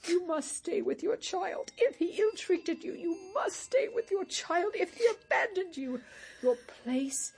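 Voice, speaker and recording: A woman's voice: extremely high pitch, expressive, a little slow, creaky, darkish tone, full character voice. An actress playing a worldly woman with a shameful past, pleading urgently and with passion in a stage drama. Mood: impassioned.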